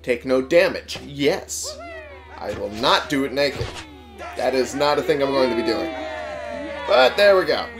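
A man's voice: medium pitch, sing-song, a little slow, long pauses, over music. A man giving casual let's play commentary, sarcastic and swearing as he talks back to game characters. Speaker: gamer playing on a channel.

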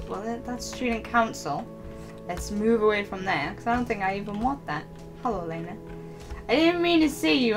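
A young woman voicing her lead character in an improvised game role-play, excitable and giggly, sliding into whiny squeals. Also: mid-range voice.

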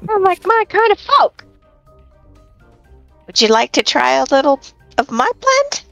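A woman's voice: very high-pitched, big pitch swings, unhurried, vocal fry, a bit bright, no room sound, soft background music. A woman player talking in character at a tabletop game, cheerful and chatty.

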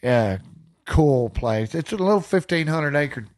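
A man with a Texan accent, a podcast guest telling animated stories with folksy country slang and frequent laughter. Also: on the high side, unhurried. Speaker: podcast guest, hunting storyteller. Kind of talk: casual storytelling.

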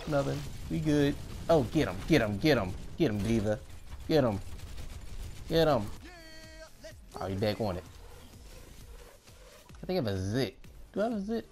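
A young man giving excitable gameplay commentary, often repeating himself. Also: mid-range voice, gravelly. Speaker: gaming YouTuber.

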